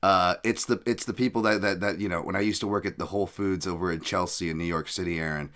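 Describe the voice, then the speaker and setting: A man's voice: sits low, fairly even intonation, fast, a bit bright. A man hosting a podcast, rambling casually with jokes and profane asides. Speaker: podcast host.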